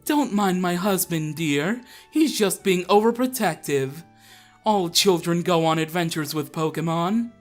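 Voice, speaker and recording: A man voicing a gentle, reassuring mother, reading game dialogue aloud. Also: high-pitched, unhurried, soft background music. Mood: soothing.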